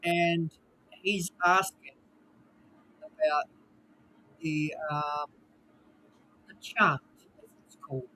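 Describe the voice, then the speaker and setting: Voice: mid-range voice, very slow, pauses often, pushed and bright, poor audio. A podcast co-host with a New Zealand accent, teasing and telling stories in casual chat. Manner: teasing, storytelling.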